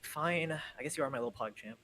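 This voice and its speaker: Co-host reading game lines on a call. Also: male voice, medium pitch, fast talker, bright, forceful tone. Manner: reads lines with exasperated energy, laughs easily. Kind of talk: casual live-stream play-through. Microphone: headset over voice call.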